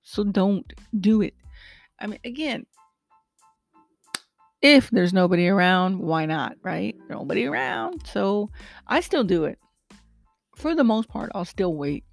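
A woman vlogger chatting casually to her viewers in a rambling, animated way about her pet peeves. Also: medium pitch, measured pace, creaky, long pauses, no echo, soft background music. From lives in Texas. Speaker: vlogger and rideshare driver. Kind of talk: casual chat to camera.

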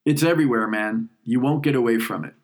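A man doing a calm, kindly commuter. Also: mid-range voice, quick pace, natural voice. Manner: gentle, plainspoken, intense but calm. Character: calm, kind middle-aged male New York commuter.

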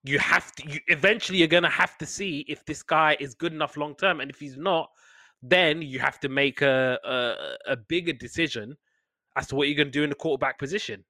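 Male co-host, bright edgy voice, dry close sound, lively sports chatter. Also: a little fast, no echo. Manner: animated, gets loud and high when excited. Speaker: podcast co-host. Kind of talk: casual sports chat.

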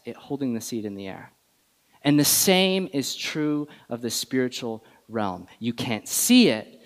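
A man preaching a sermon in a church, animated and conversational, putting questions to the congregation. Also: a little high. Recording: long reverb of a large hall.

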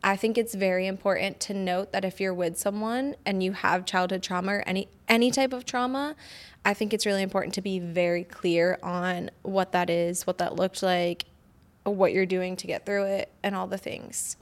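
A woman's voice: mid-range voice, steady tone, normal speed. A woman hosting a podcast, talking frankly and with animation, cursing freely and acting out quoted conversations. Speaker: podcast host.

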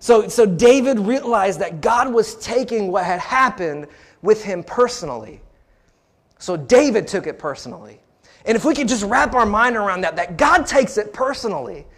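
A man's voice: high voice, animated, moderate pace. A male pastor preaching a sermon, repeating phrases and calling out to the congregation.

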